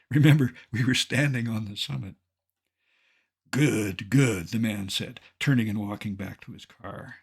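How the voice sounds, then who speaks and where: An older man, a mountaineer, narrating a slideshow in a scripted way, with dry, deadpan humor. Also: lowish voice, moderate pace, vocal fry, husky.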